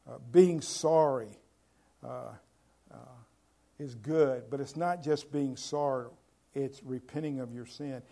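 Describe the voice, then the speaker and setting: A man preaching a sermon as pastor, asking the congregation rhetorical questions and swinging from loud, emphatic lines to quiet ones. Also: medium pitch, slow, creaky.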